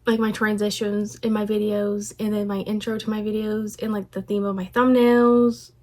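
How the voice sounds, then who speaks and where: A woman's voice: mid-range voice, flat delivery, normal speed, darkish tone. A woman vlogger reacting to her own old video in a rambling, self-conscious way, often restarting her sentences. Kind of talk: casual reaction commentary.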